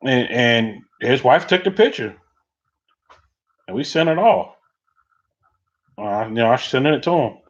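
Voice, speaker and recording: Middle-aged male streamer, casual rambling storyteller, average pitch, dull lo-fi audio. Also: expressive, a little slow, pauses often. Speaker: livestream host. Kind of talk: casual chat reading viewer comments.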